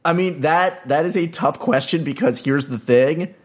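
A man's voice: a little high, normal speed. A man co-hosting a movie podcast, chatting casually with dry sarcastic jokes. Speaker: podcast co-host. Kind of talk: casual chat.

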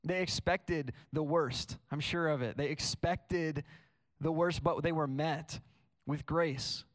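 A man's voice: on the high side, steady tone, slow. A young man preaching a sermon in a casual, storytelling way, full of "like" fillers. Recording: long hall reverb.

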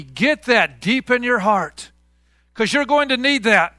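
A man's voice: very high voice, animated, unhurried, bright, forceful tone, dry recording, studio quality. A man preaching a sermon as pastor, conversational, calling out questions to the congregation. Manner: conversational, call-and-response with congregation.

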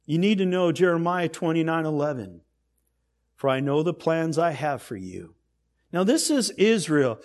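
A man preaching a sermon as pastor, swinging from hushed, intimate lines to loud, emphatic ones. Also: on the high side, lively intonation, measured pace.

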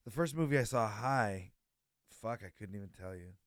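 A man's voice: lowish voice, expressive, normal speed, dry recording, studio quality. A man in his forties hosting a podcast, telling a story in laid-back, profane casual talk. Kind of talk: casual conversation.

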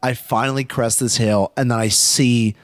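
A young man telling a story in casual chat, animated, swearing often and acting out quotes. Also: mid-range voice, normal speed, dry recording, clean studio sound.

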